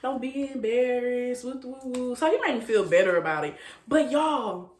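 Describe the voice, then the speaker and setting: A woman telling a casual story to her viewers, animated and laughing, repeating phrases for effect. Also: fairly high pitch, moderate pace, roomy sound. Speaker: storytime vlogger.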